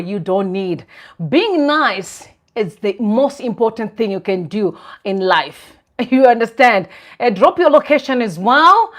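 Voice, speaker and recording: A woman from Zimbabwe, hosting a live stream and talking in an earnest, reflective way with soft laughs. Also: fairly high pitch. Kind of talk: casual live-stream talk.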